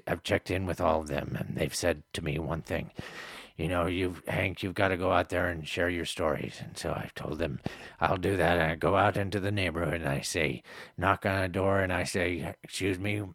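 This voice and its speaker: A man doing a gravelly, stammering rambler. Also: low-pitched, a bit bright, dry recording, clean studio sound, exaggerated voice. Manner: stammering, rambling, acts out the people at doors. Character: rambling eccentric man named Hank leaving a voicemail. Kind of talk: improvised comedy voicemail.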